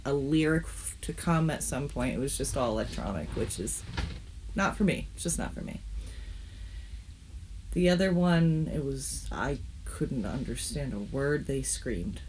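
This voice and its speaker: A woman's voice: very deep voice, animated, a little slow, darkish tone, slight background noise. A woman co-hosting a podcast in casual chat, with a slight lisp and a joking, self-deprecating manner. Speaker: podcast co-host.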